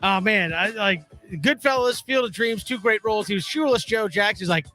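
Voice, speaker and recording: A man hosting a sports radio show, talking casually and in a relaxed way, then doing the show plugs. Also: sits high, a little fast.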